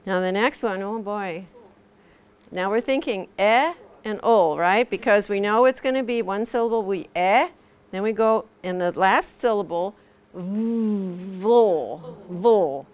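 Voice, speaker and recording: A woman's voice: medium pitch, normal speed, clear, resonant tone. A middle-aged woman teaching pronunciation to a class, patiently demonstrating sounds and repeating them. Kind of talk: classroom instruction. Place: classroom with students.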